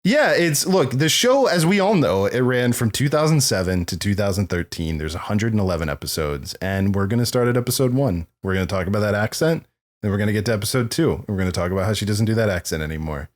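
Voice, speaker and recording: A man's voice: fairly low pitch, animated, quick pace. A man co-hosting a podcast, chatting casually and rambling through stories about films, laughing often. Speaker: podcast co-host.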